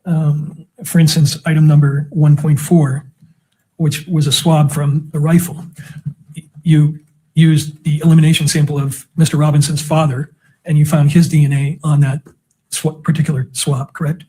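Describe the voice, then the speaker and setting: A man's voice: fairly high pitch, little pitch movement, moderate pace, dark tone, breathy edge. A man cross-examining a witness in a courtroom with methodical, leading questions. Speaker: defense attorney.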